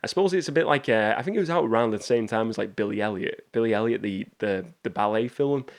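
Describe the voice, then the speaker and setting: A man with a slightly low voice talks through film picks in a loose, chatty manner. He rambles from one thought to the next like a channel host speaking straight to his viewers. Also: fast, creaky. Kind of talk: casual movie review talk.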